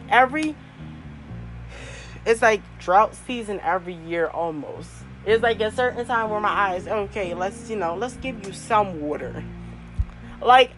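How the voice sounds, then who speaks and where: A woman's voice: a little high, a bit bright, poor audio. A young woman hosting her own podcast, telling a personal story in a casual, chatty way with frequent laughs and fillers. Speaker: podcast host.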